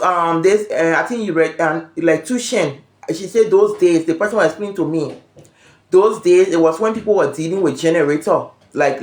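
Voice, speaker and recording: A vlog host with a lowish voice hosts a casual gossip chat from home on her phone, acting out quotes as she tells the story. The sound is reverberant.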